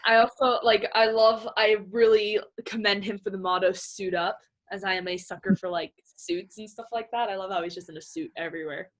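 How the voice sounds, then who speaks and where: Young adult woman, excitable podcast guest, gushing and chatty. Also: medium pitch, a little fast, hardly any pauses. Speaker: guest swimmer. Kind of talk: casual podcast interview.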